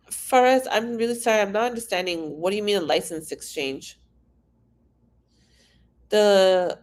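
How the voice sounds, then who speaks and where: A woman's voice: medium pitch, a little slow, pauses often. A woman from Iran, an immigration consultant, answering viewer questions in a frank, casual live-stream Q&A and reading the questions aloud.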